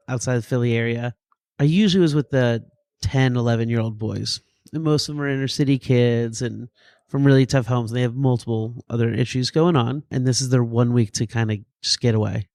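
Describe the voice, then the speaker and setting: A man in his thirties, a medic and doctor, tells stories in a podcast interview with a goofy, lively streak and acts out the voices of the people in them. His voice sits at an ordinary middle pitch. The sound is dry and close. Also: creaky, no room sound. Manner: animated, goofy storyteller who acts out quotes. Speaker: paramedic and EMS physician guest.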